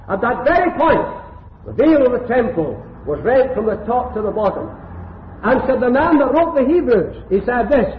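An older man from Scotland delivers a fervent gospel hall sermon in a very high-pitched voice, building his points through rhythmic repetition. He sounds echoey and tinny, as if heard on an old phone-like recording made in a reverberant hall. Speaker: preacher.

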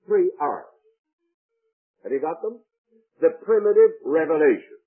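Male radio preacher, slightly raised pitch, deliberate drawn-out delivery, lo-fi phone-band broadcast sound. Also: very animated, slightly rough. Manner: deliberate, emphatic, drawn-out phrasing. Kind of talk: radio sermon.

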